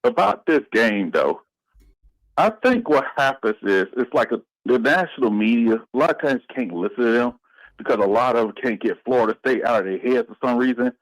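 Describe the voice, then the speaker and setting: A man's voice: mid-range voice, animated, moderate pace, no room sound, low-quality recording. Chatty male radio caller, dry sound. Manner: chatty, opinionated. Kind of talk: call-in sports commentary.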